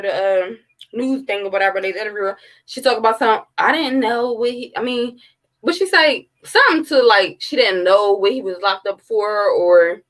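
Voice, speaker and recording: A woman's voice: on the high side, fairly bright tone, poor audio. A woman, giving blunt, heated, profane commentary in a casual livestream. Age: 30s. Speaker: true-crime commentary host.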